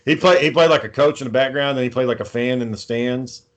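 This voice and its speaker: A man's voice: medium pitch, fast. A man hosting a podcast, telling long, profane, rambling stories in casual chat. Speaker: podcast host.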